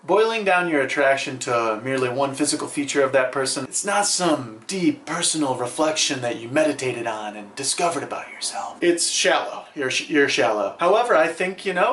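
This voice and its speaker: A man's voice: mid-range voice, lively intonation, moderate pace, hardly any pauses, fairly bright tone, reverberant. A man hosting a vlog and giving advice to the camera in a playful, sarcastic, preachy manner. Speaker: vlog host.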